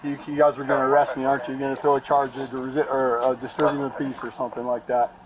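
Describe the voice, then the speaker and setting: A man's voice: mid-range voice, flat delivery, fast talker, a crowd in the background, poor audio. A man in his forties, swearing and pleading with police in erratic outbursts, caught outdoors on a body camera. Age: 40s. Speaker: detained man. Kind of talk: bodycam footage. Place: outdoors at an apartment. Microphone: officer's body camera.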